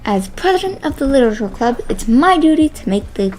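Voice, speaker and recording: A woman's voice: high-pitched, sing-song, brisk, a little mellow, faint music behind. A woman reading the lines of a friendly, encouraging teenage girl who is a club president, as she reads a visual novel aloud. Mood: upbeat. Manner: friendly, encouraging, plainly read.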